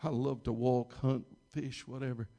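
A man voicing a gruff, bitter older man in a sermon story, blunt and agitated at times and quiet and humble at others. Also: mid-range voice, little pitch movement, moderate pace, lightly acted. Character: gruff old man, bitter then softened.

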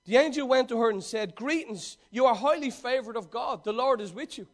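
Guy preaching, really high voice, reads the bible bit then riffs on it, gets loud then drops quiet. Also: brisk. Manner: reads scripture then retells it with emphatic swings from loud to quiet. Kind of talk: sermon.

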